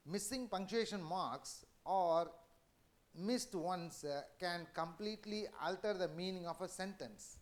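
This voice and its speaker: A man with an Indian English accent giving an educational lecture, halting with many fillers and restarts. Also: high-pitched.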